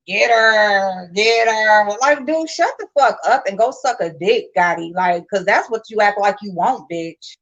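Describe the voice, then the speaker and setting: A woman hosting a livestream, telling a story in blunt, profane, animated casual talk. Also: medium pitch. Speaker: livestream host. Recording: muffled lo-fi stream audio.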